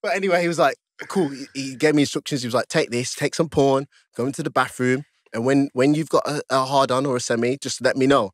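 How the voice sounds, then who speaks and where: A man guest on a podcast, telling a story in casual chat, laughing often and jumping high in pitch as he acts out his own panic. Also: steady tone, fairly quick, few pauses, dry recording, studio quality. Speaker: podcast guest, stripper and fighter.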